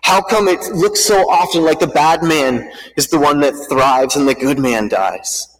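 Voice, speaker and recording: A man plays a stone-faced leader whose grief breaks into anguished questions, his voice a touch high. His words ring out into a long hall reverb. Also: unhurried, a little hiss or hum, lightly acted. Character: grieving, angry male leader questioning God.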